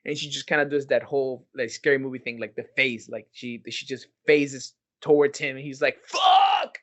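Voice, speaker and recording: A man's voice: mid-range voice, a little fast. A man casually retelling a horror movie plot on a podcast, swearing often and telling it with energy. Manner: swears a lot, animated storytelling. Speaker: podcast host. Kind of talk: casual chat. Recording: dull lo-fi podcast audio.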